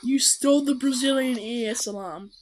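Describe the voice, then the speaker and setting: A young woman reacting to videos with excited commentary that breaks into shouts and shrieks. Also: a little high, moderate pace, poor audio. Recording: loud background noise.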